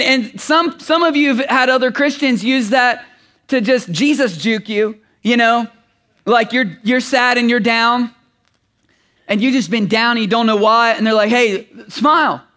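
A man preaching a sermon as a pastor, swinging from shouted emphasis to hushed, intimate passages. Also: very high-pitched.

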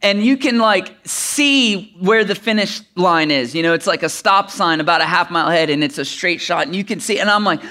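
A man's voice: high voice, moderate pace, few pauses, bright, forceful tone. A middle-aged man preaching, telling a personal story that builds to emphatic preaching. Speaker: pastor. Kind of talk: sermon.

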